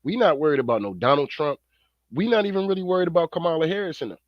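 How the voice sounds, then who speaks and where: A man's voice: on the high side, animated, very fast, dry recording, dull audio. A man doing profane reaction commentary, slangy, rambling and fired-up. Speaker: online commentator.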